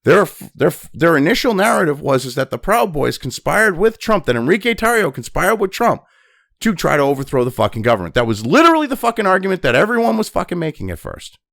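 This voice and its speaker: A man's voice: fairly high pitch, vocal fry, a bit bright, no room sound, clean studio sound. A man hosting a news commentary show, ranting angrily and swearing constantly. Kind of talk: angry profane rant.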